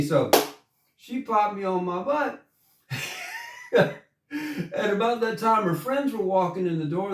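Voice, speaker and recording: This singer and storyteller from coastal Georgia, USA, has a high-sitting voice and spins a folksy tale that leads into a country song. The recording sounds roomy and distant, with guitar playing in the background.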